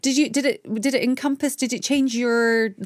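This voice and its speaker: A woman standing in as a radio host who keeps the discussion moving with lively questions. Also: fairly high pitch, normal speed, no room sound, studio quality. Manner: lively, frequent backchannel, inviting questions.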